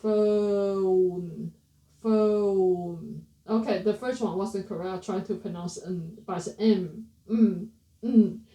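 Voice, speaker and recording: A woman teaching pronunciation, repeating words slowly and correcting herself as she goes, in a casual lesson. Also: medium pitch, dark tone. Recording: roomy, slightly distant mic.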